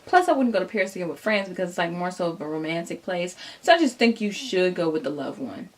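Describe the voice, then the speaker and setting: A young woman telling a casual storytime vlog straight to her viewers, animated and chatty, acting out what people said. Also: on the low side, quick pace. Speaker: vlogger.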